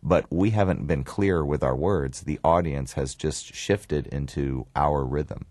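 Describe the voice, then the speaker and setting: A man's voice: a bass voice, unhurried, dry recording. A man with a Southern US accent, a film writer-director telling stories in an interview, restarting phrases and acting out quoted lines. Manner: relaxed, repeats words and restarts, acts out quoted lines. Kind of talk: storytelling in an interview.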